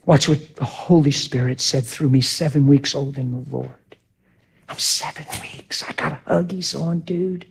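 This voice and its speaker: A man preaching a testimony in animated storytelling, swinging from shouts to hushed near-whispers. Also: fairly high pitch, moderate pace, creaky, slightly rough. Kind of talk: sermon testimony.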